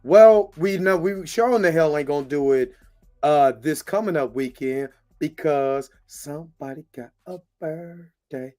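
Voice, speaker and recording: A man's voice: fairly high pitch, normal speed, warm tone. A man hosting a podcast in casual, joking chat, laughing often. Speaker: podcast host. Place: lives in Kansas City.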